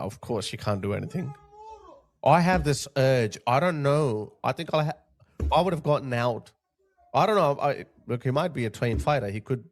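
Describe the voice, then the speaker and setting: A man hosting a video, giving indignant reaction commentary on clips, with laughing asides. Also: a little high. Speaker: YouTube commentator host.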